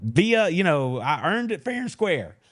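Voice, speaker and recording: A man's voice: fairly high pitch, big pitch swings, a little slow, a bit bright. A man hosting a live sports podcast, talking in a folksy, teasing way. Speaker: podcast host. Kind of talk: casual live show chat.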